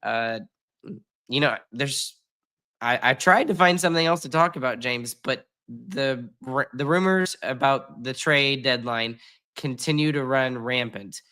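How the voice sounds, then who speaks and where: A man's voice: mid-range voice, measured pace, pushed and bright. A man hosting a casual sports podcast while sick and congested, rambling with lots of fillers and self-deprecating jokes. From United States. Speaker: podcast host.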